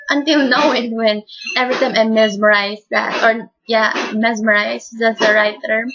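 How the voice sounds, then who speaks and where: A woman giving an emotional faith testimony in a soft, tearful voice, halting and repeating her words. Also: fairly high pitch, steady tone. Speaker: speaker giving a personal testimony. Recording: dull lo-fi recording.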